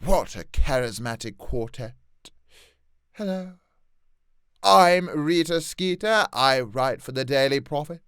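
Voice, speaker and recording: A man's voice: medium pitch, expressive, takes it slowly, long pauses, fairly bright tone, clear, resonant tone, dry recording, studio quality. A man voicing a sly female gossip journalist who speaks in an affected, sing-song voice.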